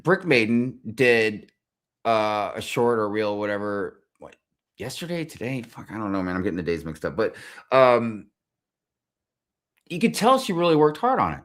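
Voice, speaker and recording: A man hosting a livestream, ranting casually in a rambling way and swearing constantly. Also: mid-range voice. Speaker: livestream host. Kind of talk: profane casual rant.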